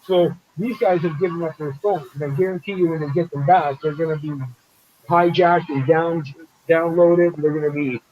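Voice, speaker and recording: A man's voice: a little high, steady tone, moderate pace, darkish tone, rough recording. A man hosting a casual live-stream chat over a video call, talking bluntly, swearing and acting out the people he quotes. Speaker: show host.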